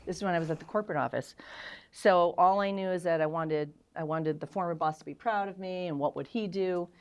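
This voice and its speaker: A middle-aged woman, a guest on an interview show, telling frank, self-deprecating stories in a candid and animated way. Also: lowish voice, fairly quick, clear, resonant tone.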